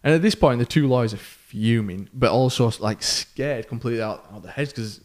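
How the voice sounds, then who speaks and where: This is casual storytelling from a podcast co-host, a man who speaks in an easygoing, conversational way. He acts out the lines of the people in his tale with vivid rises and falls in pitch and loudness, using fillers between thoughts.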